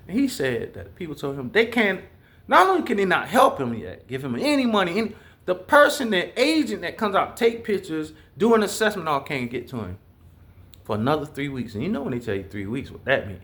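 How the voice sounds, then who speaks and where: A man from Georgia, talking straight to his viewers in a blunt, profane, rambling monologue. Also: high voice. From Southeast Georgia, US. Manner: profane, blunt, animated storytelling. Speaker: vlogger.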